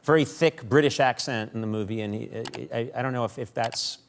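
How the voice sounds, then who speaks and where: Halting male interviewer. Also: medium pitch. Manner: halting, with many restarts. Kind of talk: interview questions.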